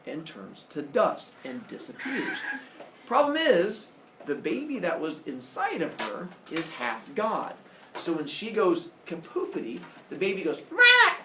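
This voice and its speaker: A man's voice: high voice, noisy background. A male teacher retelling a myth to his class in a playful, jokey way. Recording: echoey classroom from far off.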